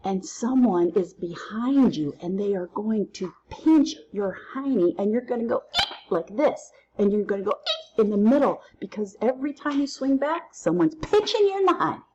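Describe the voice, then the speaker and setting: A woman teaching a recorded lesson through counting drills, playful and quick to use silly memory tricks. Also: medium pitch, darkish tone, muffled recording, a little hiss or hum. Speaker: Spanish teacher.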